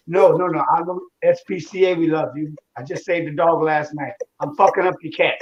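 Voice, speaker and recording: A man's voice: a little high, brisk, hardly any pauses, highs cut off. A male comedian ranting with mock anger and heavy profanity, doing stand-up into a video call. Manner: mock-angry, profane, loud rants. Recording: echoey room with faint noise.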